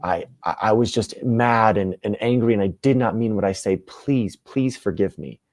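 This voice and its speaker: A man's voice: on the low side, moderate pace, no room sound, studio quality, natural voice. A man acting out an enraged husband confronting a teacher, ranting and accusing. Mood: pleading.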